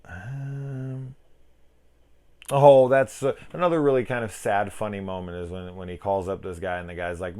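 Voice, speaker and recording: A man's voice: low voice, fairly even intonation, moderate pace, dark tone. A young man giving a casual, rambling film review, swearing freely and acting out the people he talks about. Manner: rambling, profane, self-mocking, mimics people in quotes. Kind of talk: casual spoken movie review.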